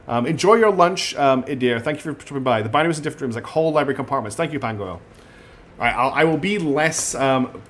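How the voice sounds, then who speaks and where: A man's voice: medium pitch, lively intonation, quick pace, fairly bright tone. A man streaming a video game, chatting casually, hesitating with ums and restarts as he reads the game's text aloud. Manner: chatty, many ums and restarts, apologetic asides. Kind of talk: casual gameplay commentary, reading dialogue aloud.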